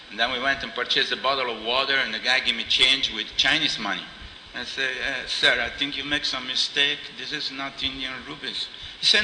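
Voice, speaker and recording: Animated preacher man in echoey hall. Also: mid-range voice. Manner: animated storyteller, acts out dialogue, laughs often. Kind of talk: informal spiritual talk with anecdotes. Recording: roomy hall echo, faint noise.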